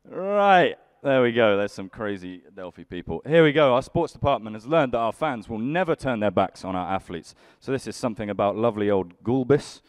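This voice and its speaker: A man's voice: fairly low pitch, a little fast, few pauses, dry recording. A young man doing live stand-up comedy, grumpily bantering with the audience in a dry way. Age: young adult. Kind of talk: live stand-up with crowd work.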